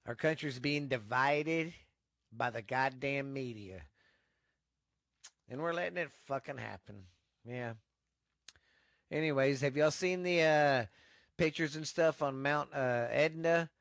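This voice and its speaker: At a home desk setup, a Texan-accented man hosts a podcast, rambling bluntly through the news and swearing constantly in casual, profane chat. His voice is medium-pitched and a little slow, with vocal fry, long pauses and a fairly bright tone. The recording is studio quality with no echo.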